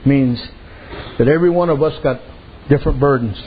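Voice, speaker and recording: A man preaches a sermon in a folksy, storytelling way, speaking in dialect and frequently adding "amen" and "I said." His mid-range voice is fairly quick, and the dull lo-fi recording carries a little hiss or hum.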